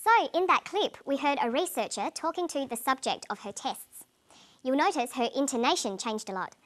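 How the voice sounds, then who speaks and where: A woman narrating a scripted English lesson, explaining clearly and plainly. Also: sits high, expressive, normal speed, fairly bright tone, slight background noise. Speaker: English teacher.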